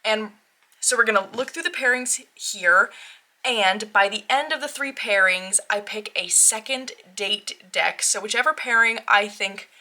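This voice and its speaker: A woman's voice: mid-range voice, unhurried, sharp tone. A young woman hosting a tarot vlog, chatting casually in a bubbly, giggly, rambling way that keeps interrupting itself. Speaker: tarot channel host.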